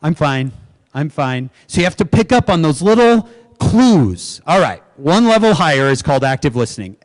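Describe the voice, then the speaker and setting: Man, middle-aged, keynote speaker, storytelling, fairly high voice. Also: sing-song, fairly quick. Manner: storytelling, acts out quoted voices, asks the audience questions. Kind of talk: motivational keynote talk. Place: conference venue before an audience.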